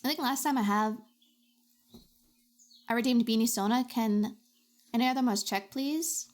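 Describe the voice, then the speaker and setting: A woman streamer chatting casually with her chat while drawing, with dramatic, expressive reactions. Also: on the high side, normal speed.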